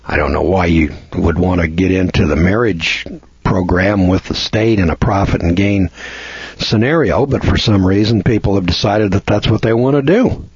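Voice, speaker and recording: A blunt, scornful man rambles through a lecture with frequent restarts. His voice sits low and husky. The recording is dry and dull, with a lo-fi sound. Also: normal speed, a little mellow, no echo. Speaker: seminar lecturer. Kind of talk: folksy lecture.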